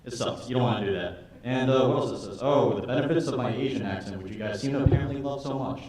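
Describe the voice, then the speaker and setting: A man in his twenties doing a stand-up comedy set, swinging between loud put-on voices and low mutters. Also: quick pace. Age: 20s. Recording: echoey hall from far off.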